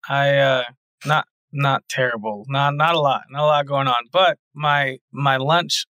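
A man co-hosting a podcast, talking casually in a hesitant, halting way. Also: medium pitch, steady tone, pushed and bright, dry recording. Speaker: podcast co-host. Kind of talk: casual chat.

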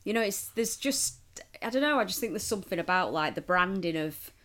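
A woman's voice: medium pitch, lively intonation, a little fast, fairly bright tone. A young woman, co-hosting a casual chat and ranting with plenty of swearing. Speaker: podcast co-host.

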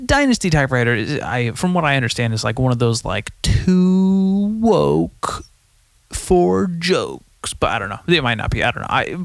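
A man's voice: medium pitch, gravelly, no room sound. A young man hosting a solo podcast, rambling profanely and correcting himself often. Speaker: podcast host.

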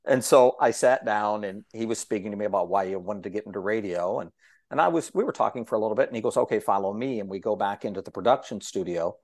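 A man's voice: fairly low pitch, fast, no echo, clean studio sound. A man who is a longtime broadcaster, telling stories as a talkative guest and acting out the dialogue. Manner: lively storyteller who acts out quoted dialogue; talkative, self-described yapper. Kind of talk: casual storytelling conversation.

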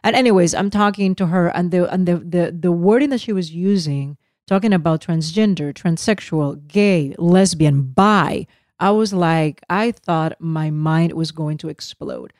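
A middle-aged woman co-hosting a podcast in casual chat, animated and defensive as she tells her side. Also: on the low side, no echo, studio quality. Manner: animated storyteller, defensive, quick. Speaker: podcast co-host.

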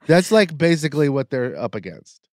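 A woman co-hosting a podcast in casual chat, joking and excitable. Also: low-pitched, moderate pace, dry recording, studio quality. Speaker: podcast co-host.

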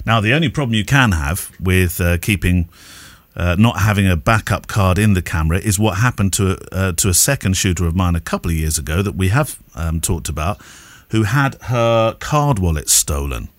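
Guy on a photo podcast, lowish voice, dry close sound, chatty. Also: expressive, no room sound. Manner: chatty, advice-giving, quick to laugh. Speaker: podcast co-host, wedding photographer. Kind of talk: casual podcast chat.

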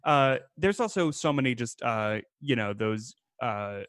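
A man co-hosts a casual podcast about old movies, rambling from one thought to the next. He sounds animated and laughs often, at an ordinary pitch. The recording is close and dry, with no room sound. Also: a little slow, dry recording. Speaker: podcast co-host. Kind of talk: casual film discussion.

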